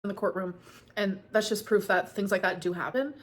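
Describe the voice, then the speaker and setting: Woman vlogger, 30s, fast and rambling with fillers, Q&A format, emotional undertone. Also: mid-range voice. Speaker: vlogger answering viewer questions. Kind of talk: casual Q&A vlog.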